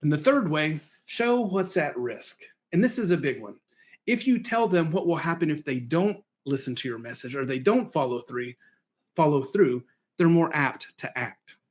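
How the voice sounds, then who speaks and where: A man's voice: fairly high pitch, sing-song, moderate pace. A middle-aged man giving a casual presentation lesson, telling folksy stories and acting out quoted voices. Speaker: presentation skills trainer.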